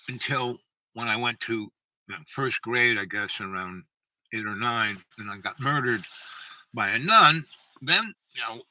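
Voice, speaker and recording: Man, meandering storyteller, acts out quoted voices, animated pitch, dry sound from a distance. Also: no room sound. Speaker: channel host. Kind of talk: rambling personal storytelling.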